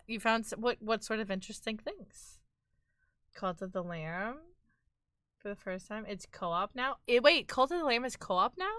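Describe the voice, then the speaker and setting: A woman's voice: mid-range voice, a bit bright, no room sound, clean studio sound. A woman hosting a live stream, chatting casually with viewers in a playful, teasing, mock-dramatic way. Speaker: livestream host.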